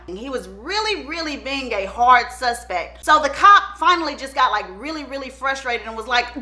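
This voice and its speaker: A woman hosting her channel, telling a true-crime story in a chatty, animated way and acting out the people in it. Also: sits high, brisk, hardly any pauses. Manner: animated, chatty, acts out the quotes.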